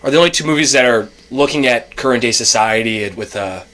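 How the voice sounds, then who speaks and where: A man's voice: mid-range voice, fairly bright tone. A young man co-hosting a podcast in casual chat, talking at length and restarting his sentences often. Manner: talkative, quick restarts, explains at length. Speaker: podcast co-host.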